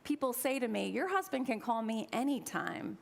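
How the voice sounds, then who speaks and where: Woman minister, sermon, conversational with playful asides, fairly high voice. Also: very animated, normal speed, vocal fry. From Eastern Kentucky, US. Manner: conversational, with humorous asides to the congregation.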